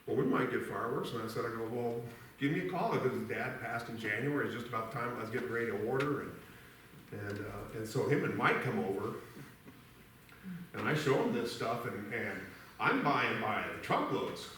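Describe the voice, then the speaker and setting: A man's voice: medium pitch, lively intonation, brisk, a bit bright, distant mic, slight background noise. Man telling a rambling story in an echoey church. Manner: rambling, folksy, laughs through his story. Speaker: eulogy speaker. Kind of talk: storytelling at a memorial service. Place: church hall. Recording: echoey church hall from afar.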